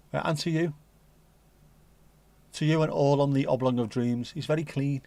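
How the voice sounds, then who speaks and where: A man's voice: fairly high pitch, fairly even intonation, normal speed, vocal fry, long pauses, dark tone, no room sound. A man hosting a casual livestream, reading out viewer messages and rambling jokily with slang and swearing. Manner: rambling, jokey and sweary, full of British slang. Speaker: livestream host.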